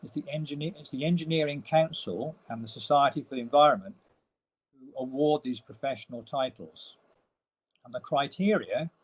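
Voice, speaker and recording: A man's voice: medium pitch, poor audio. Man presenting slides in a webinar. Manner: explanatory, stresses key words. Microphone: online webinar audio.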